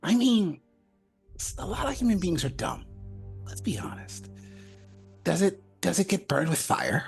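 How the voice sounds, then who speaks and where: A woman's voice: fairly low pitch, sing-song, unhurried, creaky, slightly rough, soft background music. A woman playing a tabletop game with friends, chatty and full of questions. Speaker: player. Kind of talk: casual tabletop game chat.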